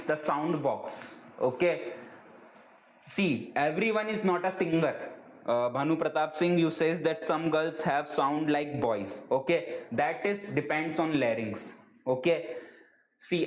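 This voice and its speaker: A man with an Indian English accent teaching biology in a live exam-prep class, checking "okay?" after nearly every line and slipping into joking Hindi asides. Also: on the high side. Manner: joking, answers viewer questions. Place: teaching room with a skeleton model. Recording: echoey room.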